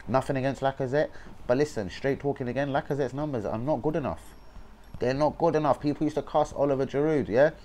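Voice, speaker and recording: A man's voice: medium pitch, fast, darkish tone, a little hiss or hum. A young man with a London accent, hosting a fan channel livestream as a blunt, sweary rant full of slang. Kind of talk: casual football rant livestream.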